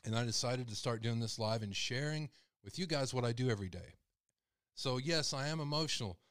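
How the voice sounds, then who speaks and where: A man's voice: medium pitch, expressive, a little fast, a bit bright, no room sound, clean studio sound. A man hosting a live call-in show, speaking with raw emotion and his voice rising when he is upset. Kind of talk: live-stream commentary.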